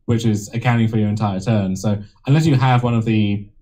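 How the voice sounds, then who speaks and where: Quick-talking British man, warm tone. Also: on the low side, steady tone. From United Kingdom. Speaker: guest player. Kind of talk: casual gaming commentary.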